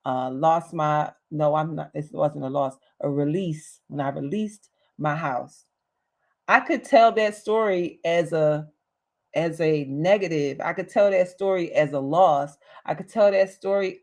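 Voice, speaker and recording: Her voice is deep and a little mellow as this woman hosts a livestreamed motivational session. She talks with emphasis, returns to the same key phrases, and speaks in a slangy, casual way.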